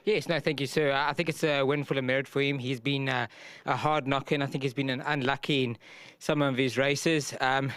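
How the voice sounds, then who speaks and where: A man's voice: mid-range voice, steady tone, a little fast, fairly bright tone, smooth, dry recording. A man with a South African accent, a jockey talking modestly after his win, with many fillers. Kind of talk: post-race interview.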